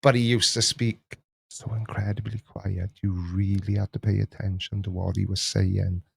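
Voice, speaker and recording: A man hosting a casual chat, rambling and jokey, often jumping up in pitch. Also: flat delivery, moderate pace, gravelly, breathy edge, no echo. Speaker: YouTube reaction host.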